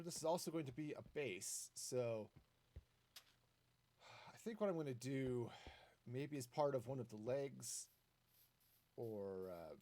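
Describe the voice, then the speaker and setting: A man streaming a building game, chatting in a rambling, easygoing way as he plays. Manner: chatty and rambling, lively swings in pitch. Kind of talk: casual gameplay commentary.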